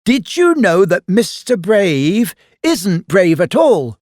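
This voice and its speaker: A man voicing a naughty, mischievous little girl in a storybook, loud and taunting in a high voice. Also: big pitch swings, slow, no echo, studio quality, full character voice.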